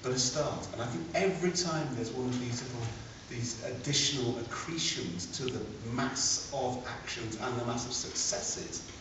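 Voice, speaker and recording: A man speaking as a panelist at a book launch, measured and pausing to choose his words. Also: medium pitch, background noise. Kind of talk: panel discussion talk. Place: large echoey room at a public event. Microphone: distant room mic. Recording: echoey, lo-fi, from far off.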